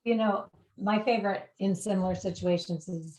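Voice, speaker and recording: A woman hosting a podcast, in casual, lively talk that often trails off and restarts. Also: mid-range voice, moderate pace, hardly any pauses. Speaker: podcast host. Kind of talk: casual conversational chat.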